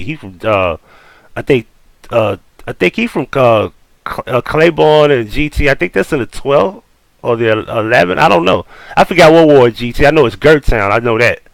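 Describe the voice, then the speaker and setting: A man's voice: medium pitch, vocal fry, fairly bright tone, no room sound, low-quality recording. A man with a New Orleans accent giving casual commentary on a video. He argues bluntly, swears often and corrects what he hears. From Louisiana. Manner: blunt, profane, argumentative. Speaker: host reacting to a video.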